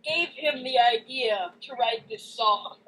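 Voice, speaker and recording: A woman's voice: fairly high pitch, slow pace, a bit bright, husky, low-quality recording. A woman chatting casually as a co-host, teasing and laughing easily. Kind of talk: casual chat.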